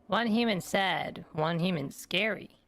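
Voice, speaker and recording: A man voicing a small, frightened male opossum who speaks in slow, halting, broken phrases. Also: high voice, vocal fry, fairly bright tone, dry recording, pitched above the performer's own voice, heavily acted. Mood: fearful, terse.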